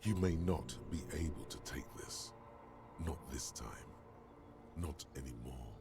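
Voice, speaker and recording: An actor playing a grave, ominous male game narrator with a very deep, gravelly voice and a slow, measured delivery. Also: exaggerated voice. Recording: game audio with music underneath.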